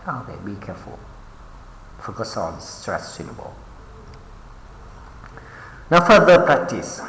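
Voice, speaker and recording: A man teaching an English pronunciation lesson with a Vietnamese accent, reading words slowly and deliberately with drawn-out repetitions and frequent fillers. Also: fairly low pitch, very animated, fairly bright tone. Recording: echoey room with long reverb.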